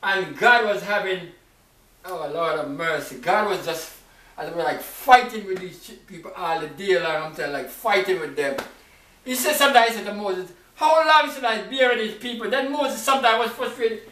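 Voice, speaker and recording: A male preacher delivering an emphatic sermon full of rhetorical questions and sudden leaps in pitch. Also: expressive, normal speed, pushed and bright. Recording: echoey room, mic at a distance.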